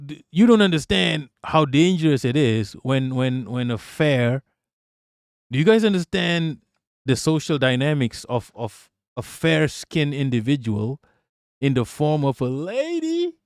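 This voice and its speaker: A man's voice: medium pitch, no echo, clean studio sound. A man commenting on a video clip during a live stream, blunt and profane, often repeating himself when worked up.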